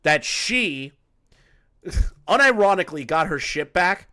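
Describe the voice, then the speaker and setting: Brief: male streamer, sarcastic commentary, lively swinging pitch, dry close sound. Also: unhurried, pauses often, no room sound. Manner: sarcastic, reads messages aloud with mocking asides. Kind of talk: casual live-stream commentary.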